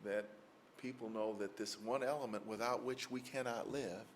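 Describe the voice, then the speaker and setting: A man's voice: medium pitch, steady tone, normal speed, a little hiss or hum. A man from Mississippi, a lawyer giving a lecture, telling stories in a folksy way with many fillers. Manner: folksy, anecdotal, frequent fillers. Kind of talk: storytelling lecture answer. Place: lecture hall with audience.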